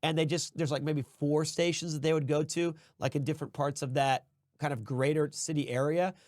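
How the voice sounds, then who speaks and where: Man, streamer host, casual rambling chat, slightly high voice, dry close sound. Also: steady tone, fairly quick, a little mellow, no echo. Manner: rambling, self-correcting, easygoing. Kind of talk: casual chat while building a model set.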